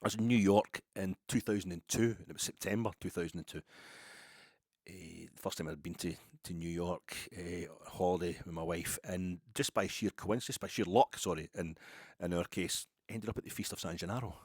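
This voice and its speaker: Scottish guy with a deep voice, rambly chat, lots of restarts, dry close sound. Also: steady tone, a little fast, slightly rough, no echo. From Ayrshire, Scotland. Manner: rambling, digressive storytelling with many restarts. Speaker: football podcaster. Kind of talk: casual monologue.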